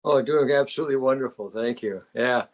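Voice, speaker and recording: An older man with an Upper Midwest accent, from Wisconsin, speaking as a calm, reflective, good-humored interview guest. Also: mid-range voice, brisk. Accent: Upper Midwest American. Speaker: guest, retired psychotherapist and martial artist. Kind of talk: casual interview chat.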